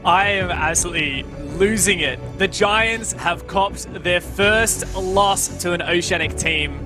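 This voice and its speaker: A man's voice: high voice, a little slow, music in the background. A man hosting an esports studio desk, speaking emphatically and in disbelief. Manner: stunned, emphatic. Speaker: desk host.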